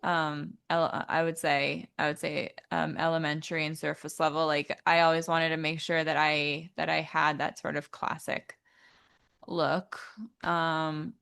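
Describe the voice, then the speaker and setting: A woman singer as an interview guest, talking thoughtfully with many pauses and fillers. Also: low-pitched, flat delivery, vocal fry, a bit bright, clean tone. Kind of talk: casual interview chat.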